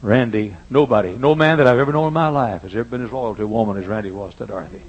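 Husky older preacher. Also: male voice, on the low side, rapid-fire, muffled recording. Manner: preaching with stories, swings from loud emphasis to hushed. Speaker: pastor. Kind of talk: sermon. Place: church sanctuary.

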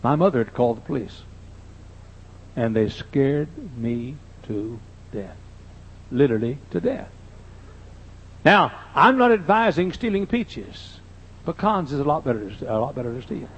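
A man's voice: medium pitch, expressive, moderate pace, darkish tone, slightly rough. An older man, a pastor, telling folksy, joking anecdotes in a sermon. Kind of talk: humorous sermon storytelling. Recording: dull lo-fi sermon recording.

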